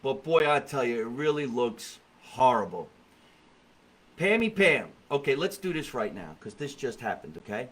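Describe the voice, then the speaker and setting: A middle-aged man hosting a comedy podcast, telling stories in a jokey, animated way with quoted voices. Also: mid-range voice, moderate pace, hardly any pauses, rough recording. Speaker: podcast host. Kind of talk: comedic casual chat. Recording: faint background noise.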